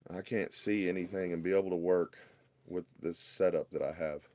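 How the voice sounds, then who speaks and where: Man, very deep voice, muttering and fed up, casual workshop livestream on a phone. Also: fairly even intonation, normal speed, mellow, no room sound, studio quality. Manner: frustrated, muttering, drawling. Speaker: RC hobby livestream host.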